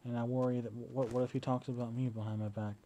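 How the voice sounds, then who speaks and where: A young man with a mellow, warm voice rambles through a casual video diary meant for his partner. He talks at a middling pitch into his phone at home, with a faint hiss behind him. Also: little pitch movement, fast talker, rough recording. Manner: rambling, chatty storytelling. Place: at home indoors.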